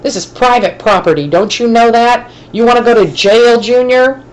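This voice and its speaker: A woman's voice: on the low side, expressive, unhurried, darkish tone, poor audio. A woman voicing an angry, blustering male construction foreman who hollers threats.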